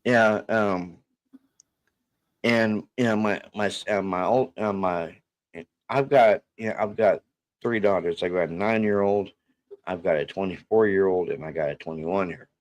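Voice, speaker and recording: A middle-aged man, telling a family story in a rambling casual way, full of restarts and fillers. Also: low-pitched. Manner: halting, many restarts and fillers, acts out quoted voices.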